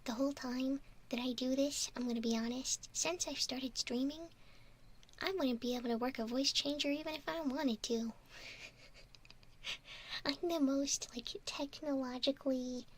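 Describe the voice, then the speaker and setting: A woman streamer in a whispered role-play, chatting in a breathy whisper and giggling often. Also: high voice, steady tone, measured pace. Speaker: ASMR streamer.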